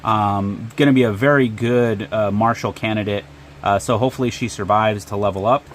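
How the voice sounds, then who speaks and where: A man's voice: on the low side, steady tone, normal speed, a little hiss or hum. A man narrating and running a solo tabletop game with frequent ums and uhs. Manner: hesitant, lots of ums and uhs.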